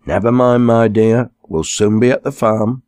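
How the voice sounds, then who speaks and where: A man doing a pompous upper-class gentleman with a drawl. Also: medium pitch, steady tone, a little slow, clean tone, no echo, clean studio sound, voice pushed up, lightly acted. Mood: condescending. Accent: posh southern English drawl. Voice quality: haughty drawl.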